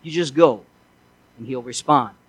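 A man's voice: mid-range voice, unhurried, breathy edge, dry recording, low-quality recording. A male pastor preaching a sermon in an earnest way, asking his listeners one rhetorical question after another.

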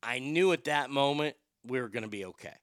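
A man's voice: mid-range voice, fairly quick, fairly bright tone, no room sound. A male radio host telling personal stories in a rambling, profane, darkly funny way. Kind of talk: casual storytelling monologue.

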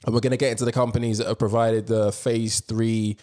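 A man hosting a casual podcast chat, animated and slangy, swearing freely. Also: on the low side, a little fast. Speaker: podcast host.

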